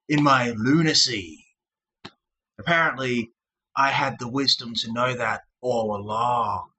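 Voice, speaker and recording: A man ranting at his commenters in a mocking, sarcastic tone, breaking into shrill manic laughter. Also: sharp tone, slight background noise, rough recording. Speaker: channel host.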